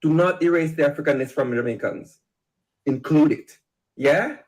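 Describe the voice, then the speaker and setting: A man's voice: fairly high pitch, normal speed, darkish tone, rough recording. A man giving an emphatic, lecturing monologue in a played video clip.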